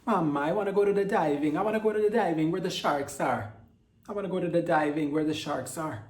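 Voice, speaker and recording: A man doing an Italian diver who talks in a loud, sing-song Jamaican lilt, easygoing and full of swagger. The voice rings out in a roomy, echoing space. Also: medium pitch, quick pace, close to an everyday voice. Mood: eager. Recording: roomy echo.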